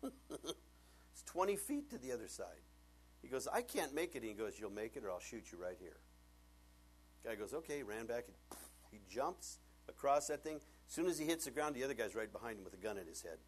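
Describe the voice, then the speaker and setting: Preaching as a pastor, this man tells stories and moves from hushed tones up to near shouting. His voice sits in the mid range.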